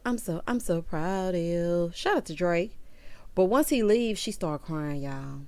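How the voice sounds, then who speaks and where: A woman in her late thirties recaps a reality show with a sassy, chatty style, talking straight to her viewers. Her voice sits in the mid-range, and there's no room sound on the recording.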